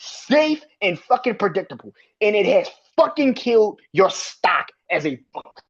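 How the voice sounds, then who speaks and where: On a dull, lo-fi recording, a husky-voiced podcast host launches into a heated wrestling rant at normal speed, his pitch swinging widely. He's profane and exasperated, repeating himself.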